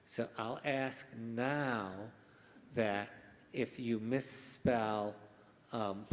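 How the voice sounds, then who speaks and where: A man serving as pronouncer at a spelling bee, reading out words and their definitions in a formal, carefully enunciated manner. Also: on the low side. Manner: slow, deliberate enunciation. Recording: echoey hall.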